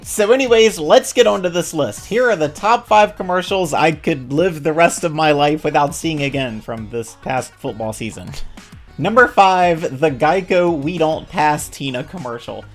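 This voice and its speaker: A woman's voice: deep voice, lively intonation, normal speed, faint music behind. A woman commentator ranting about commercials in a casual, sarcastic, exasperated way. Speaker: video commentator.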